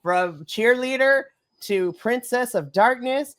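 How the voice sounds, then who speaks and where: Gushing excitable woman podcaster. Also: on the high side, takes it slowly, no room sound. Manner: gushing, animated, breaks into shouted excitement. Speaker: wrestling podcast co-host. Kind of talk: excited casual review chat.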